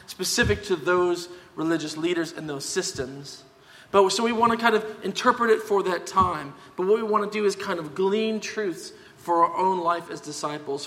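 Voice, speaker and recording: A man preaching a sermon as pastor, talking conversationally and emphatically, often checking in with a quick "yeah?". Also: sits high, fairly bright tone. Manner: conversational, emphatic, tag questions. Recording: long hall reverb.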